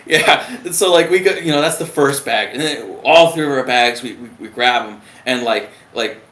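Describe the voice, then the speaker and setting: Brief: male veteran guest, animated and profane storyteller, roomy echo. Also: mid-range voice, normal speed. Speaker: retired submariner guest. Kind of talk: casual storytelling.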